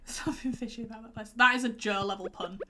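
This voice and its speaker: A young woman chats her way through a farming game on a live stream, her higher voice bright and ringing. She has been crying, so she sounds stuffy and teary, and she rambles and reacts aloud to each surprise. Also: fairly quick. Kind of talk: casual live-stream chat.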